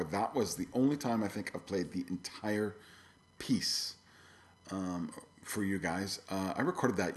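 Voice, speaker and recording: Rambling podcast host with a low voice. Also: male voice. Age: middle-aged. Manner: rambling, many fillers and restarts. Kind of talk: casual solo podcast talk.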